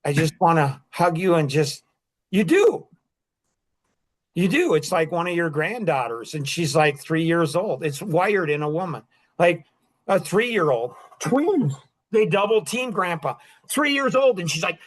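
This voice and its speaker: A man in his sixties with a notably high-pitched voice talks through a casual monologue. He is emphatic and rambling and circles back on his own phrases. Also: big pitch swings, a little slow, fairly bright tone, husky. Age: 60s. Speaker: podcast host.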